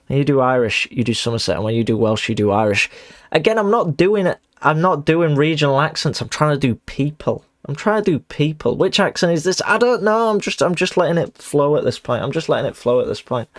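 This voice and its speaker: Rambling self-mocking streamer. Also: male voice, fairly high pitch, expressive, fairly quick, no echo, studio quality. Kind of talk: casual live-stream chat.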